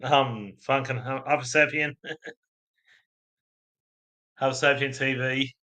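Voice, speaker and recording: An Australian man streaming live with a bright, forceful voice. He rambles loosely from one thing to the next and keeps breaking into laughter at his own crude humor. His pitch sits right in the middle for a man. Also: fairly even intonation, slow. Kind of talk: casual live-stream chat, reading out viewer comments.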